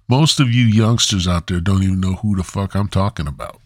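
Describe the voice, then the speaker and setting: A man's voice: low voice, fairly quick, few pauses, no echo, clean studio sound. A man hosting a podcast alone, rambling in a meandering, crude, zoned-out way. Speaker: podcast host. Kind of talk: casual rambling monologue.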